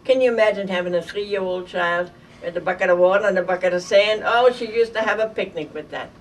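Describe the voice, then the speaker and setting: An older woman from Germany telling a vivid, halting story from her childhood in an oral history interview. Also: mid-range voice. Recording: distant mic with faint noise.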